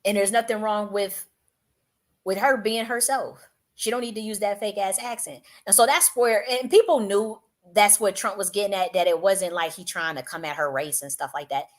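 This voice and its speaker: A woman's voice: medium pitch, normal speed. An American woman giving casual political commentary on her channel, blunt and profane, with many restarts and fillers. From United States. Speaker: YouTube commentator.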